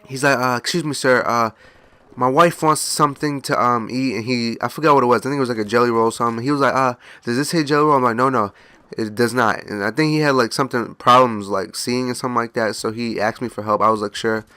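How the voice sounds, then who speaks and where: A man's voice: medium pitch, steady tone, fast talker, pushed and bright, no echo. Laid-back young man telling a story. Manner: rambling, laid-back anecdote with mock voices. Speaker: gaming channel host. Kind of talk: casual storytelling.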